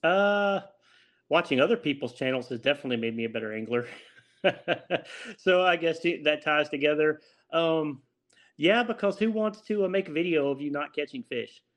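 A man in his forties with a Louisiana accent, a guest talking casually in an interview, laid-back and quick to chuckle at himself. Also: on the high side, lively intonation.

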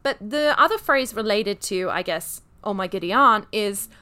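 A woman with a British accent chats casually, co-hosting and explaining where words come from. Her voice is bright and sharp, and her tone is smooth and crisp. She leans on fillers and giggles often. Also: medium pitch, expressive, normal speed. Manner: chatty, with frequent fillers and giggles. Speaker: podcast co-host. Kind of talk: casual chat explaining word origins.

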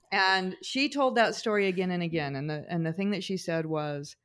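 A woman's voice: lowish voice, fairly bright tone, clean tone. A middle-aged woman co-hosting a podcast, telling family stories in a casual chat, with frequent fillers and restarts. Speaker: podcast co-host.

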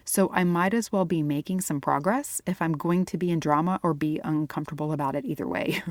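A middle-aged woman speaks in a fairly low voice, recorded dry and close. She hosts her own Christian fitness podcast, talking to listeners alone in an earnest, encouraging way and laughing easily. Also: fairly quick, a little mellow, dry recording. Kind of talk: solo podcast monologue.

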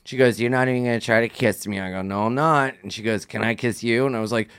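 A young man co-hosting a casual podcast, telling a story in a relaxed way, swearing freely and acting out what people said. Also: medium pitch, quick pace, smooth. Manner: laid-back, swears freely, acts out dialogue in quotes. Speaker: podcast co-host.

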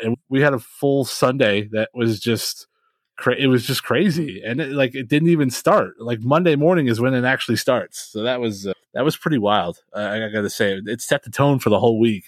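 A man co-hosts a casual podcast, telling his stories with lively, animated energy and laughing often. His voice sits at a medium pitch. The recording is dry and close, with no room echo. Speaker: podcast co-host. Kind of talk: casual chat.

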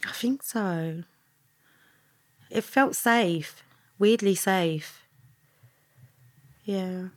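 A woman telling her story as a guest in a candid podcast interview, earnest and soft-spoken, often trailing off into quiet asides. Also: medium pitch, very slow, pauses often.

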